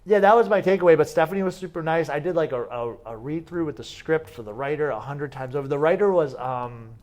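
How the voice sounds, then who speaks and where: The wrestler guest in this sit-down interview has a slightly high, darkish voice and talks fast and expressively. His storytelling is casual and chatty, peppered with "like" and frequent restarts.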